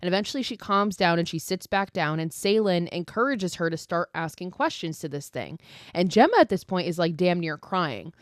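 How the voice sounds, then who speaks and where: A woman's voice: on the low side, animated, normal speed, no room sound, clean studio sound. A woman hosting a podcast, retelling a horror movie in a casual, profane, ranting way, full of fillers. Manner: filler-heavy storytelling. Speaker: podcast host.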